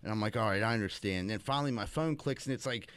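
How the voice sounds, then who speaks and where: A man's voice: on the low side, quick pace, fairly bright tone, smooth, dry recording. A man reminiscing in casual chat with friends, peppering his speech with "like.". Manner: reminiscing, filler-heavy, says "like" a lot. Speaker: friend in conversation.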